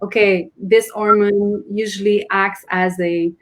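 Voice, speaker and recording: A woman talks earnestly in a casual conversation. She explains slowly, starts sentences over and searches for words. Her voice sits at a medium pitch. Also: steady tone. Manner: earnest, explains with many restarts and fillers. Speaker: guest.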